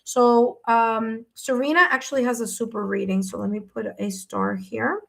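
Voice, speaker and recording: A woman doing a live tarot reading for viewers, her voice sitting a little on the high side. She talks in a gentle, reassuring way and keeps checking in with the listener as she goes. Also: steady tone, moderate pace, gravelly. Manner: gentle, reassuring, says "okay?" and "my dear" often. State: hiccups. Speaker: tarot reader.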